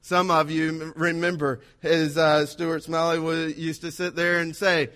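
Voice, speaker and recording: A man with a high voice delivers a sermon. He preaches with energy and drama, acting out quoted speech as he goes. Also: level tone, a little slow, few pauses, a bit bright. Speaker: pastor.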